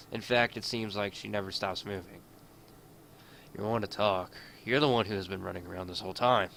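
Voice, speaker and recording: A man's voice: fairly low pitch, pushed and bright, slight background noise. A man reading a visual novel aloud in first person, adding his own asides. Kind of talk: reading game text aloud.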